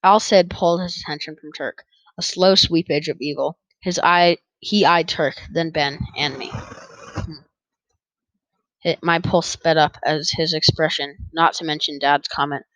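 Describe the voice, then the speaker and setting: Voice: mid-range voice, steady tone, unhurried, fairly bright tone, no echo, low-quality recording. An audiobook narrator reading a first-person story in an easygoing way, with small stumbles and rereads.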